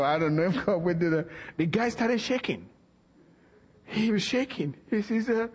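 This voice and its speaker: A man with a high voice preaches in a church, spinning a story and acting out each exchange. His words ring out with a long hall reverb. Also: normal speed, husky. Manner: animated storyteller acting out dialogue. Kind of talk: sermon storytelling.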